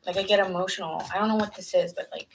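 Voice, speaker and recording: A woman's voice: mid-range voice, steady tone, quick pace, background noise. A woman giving a casual tarot reading, earnest and rambling, sometimes dropping into whispered asides. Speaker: tarot reader.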